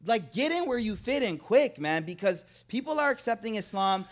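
Man, high-pitched, casual slangy religious talk, jokey and lively. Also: moderate pace. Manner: animated, slangy, joking. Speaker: guest speaker.

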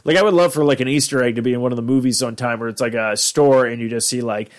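A man co-hosting a podcast, talking casually in a rambling, profane, animated way. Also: mid-range voice, rapid-fire. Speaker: podcast co-host.

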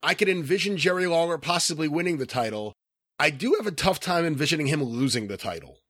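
A man explains wrestling history on a podcast in fluent, orderly steps. His voice is a little higher than most men's. The sound is dry and close to the mic. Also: animated, fast, fairly bright tone, no room sound. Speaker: podcast co-host. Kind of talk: casual chat.

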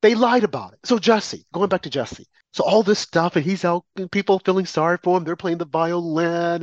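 A man speaking a little higher than most, pressing his points with emphatic repetition and mocking asides. It's an opinionated commentary monologue, recorded dry with no room sound. The audio is slightly muffled and lo-fi. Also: brisk, few pauses, dry recording. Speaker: political commentator.

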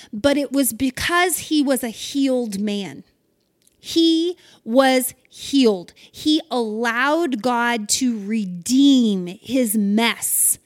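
A middle-aged woman giving an earnest, encouraging spoken devotional and addressing listeners directly. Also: a little high. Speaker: devotional host.

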